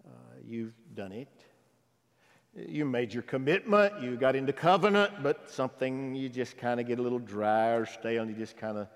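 A man preaching a sermon who swings from loud exhortation to hushed, intimate asides. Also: medium pitch, in a large hall.

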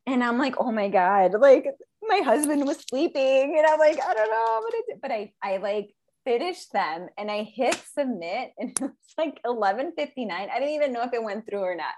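A woman guest and business owner telling a story in a casual interview, animated, slipping Spanish phrases into her English. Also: fairly high pitch, moderate pace, hardly any pauses, slight background noise.

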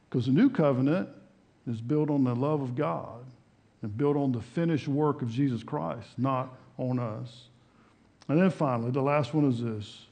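Emphatic preaching man, swinging loud to soft. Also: moderate pace, long pauses, highs cut off. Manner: wide swings from loud and raised to soft and low; repetitive, emphatic preaching with rhetorical questions. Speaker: pastor. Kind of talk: sermon. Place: church sanctuary.

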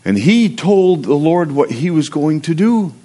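A man's voice: a little high, big pitch swings, measured pace, mellow. A man in the role of pastor, reading scripture and then preaching in a conversational, joking manner to his congregation on a livestream. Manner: reads scripture aloud then preaches conversationally, with prayer and humor. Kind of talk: sermon.

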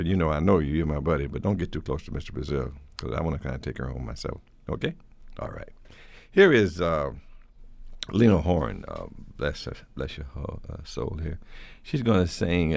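Male radio host, very deep and gravelly, folksy and halting, lively swoops in pitch. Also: no echo. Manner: folksy, halting, with repeated thanks and blessings. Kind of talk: casual music-show hosting.

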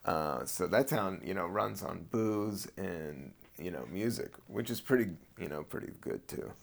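A man hosting his own podcast as a comedian, talking in a loose, meandering way with casual swearing, a little high. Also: expressive, measured pace, gravelly. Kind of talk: casual rambling podcast monologue.

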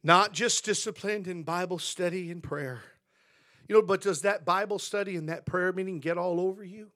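American pastor preaching, slightly high voice. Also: male voice. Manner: preaching with swings from quiet asides to loud emphatic lines; folksy storytelling with laughter. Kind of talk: sermon.

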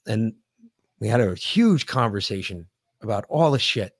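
A man co-hosting a podcast in casual talk, grieving, speaking in halting, emotional bursts with lots of profanity and restarts. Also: lowish voice, sing-song, no room sound, studio quality. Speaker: podcast co-host.

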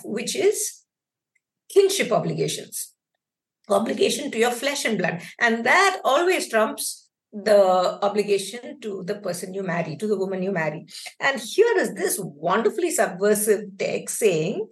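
A woman scholar answering interview questions in a measured way, pausing often with ums and uhs. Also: mid-range voice. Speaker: guest, Old Testament scholar.

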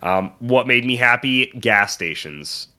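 A man's voice: mid-range voice, expressive, a little slow, sharp tone. A young man co-hosting a board game podcast, telling stories in an enthusiastic, casual way. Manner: enthusiastic storytelling. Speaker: podcast co-host. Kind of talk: casual chat.

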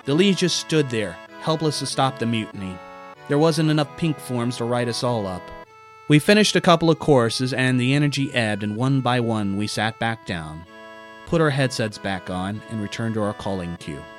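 A man's voice: mid-range voice, lively intonation, normal speed, soft background music. A man narrating a personal story in a wry, self-deprecating way, now and then putting on voices for the people in it.

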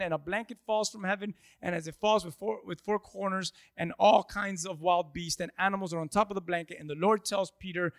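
A man's voice: sits high, a bit bright, dry recording, studio quality. A man preaching a sermon in a conversational way, quizzing his congregation and acting out the voices in the scripture he tells. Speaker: pastor.

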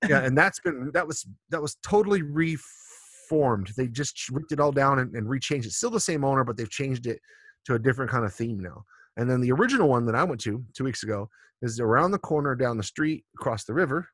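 A man's voice: mid-range voice, animated, brisk, fairly bright tone, no room sound, clean studio sound. A man in his forties, co-hosting a casual drinking podcast, telling loose, profane stories with a lot of rambling. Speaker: podcast co-host.

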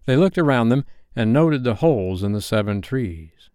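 A man calmly reading a classic novel aloud as a bedtime story. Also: mid-range voice, normal speed, clear, resonant tone, no room sound, clean studio sound.

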